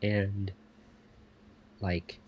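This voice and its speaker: A young man co-hosting a casual podcast chat, laid-back and making short, measured remarks. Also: lowish voice, level tone, a little mellow, slight background noise. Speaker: podcast co-host.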